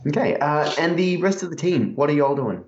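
A man's voice: fairly high pitch, expressive, brisk, darkish tone, slight background noise. A man running a tabletop game for friends in a casual, joking way, with lots of ums. He sounds as if he is in an echoey room. The audio is a bit muffled. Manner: chatty, hesitant, joking. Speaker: game master.

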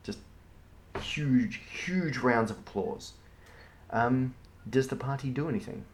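A man, the game master, narrating a tabletop game in a relaxed, rambling way with lots of fillers. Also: mid-range voice, takes it slowly, slight background noise.

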